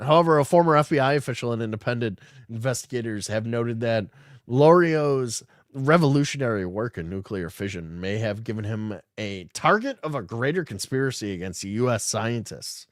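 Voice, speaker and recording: A man's voice: mid-range voice, expressive, normal speed, no echo, studio quality. A man hosting a podcast, reading news articles aloud and riffing on them in an irreverent, swearing, casual way. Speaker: podcast host. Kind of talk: casual livestream commentary.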